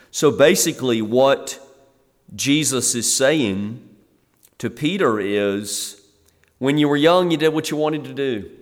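Brief: middle-aged man, pastor, conversational sermon delivery, mid pitch, long church-hall reverb. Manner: conversational, acts out the scene in lively quoted asides. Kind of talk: expository sermon.

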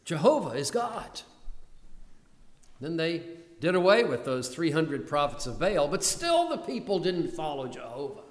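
Older male preacher, storytelling sermon delivery, slightly high voice, recorded in a reverberant hall. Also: sing-song, unhurried. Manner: storytelling, rising to urgent emphasis in quoted pleas.

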